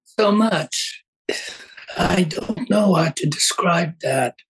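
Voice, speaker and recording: An older man being interviewed, talking haltingly and with feeling about his work partner. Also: high-pitched, animated, fairly bright tone, slightly rough. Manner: hesitant, halting, emotional. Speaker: fashion designer, guest. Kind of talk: casual interview chat.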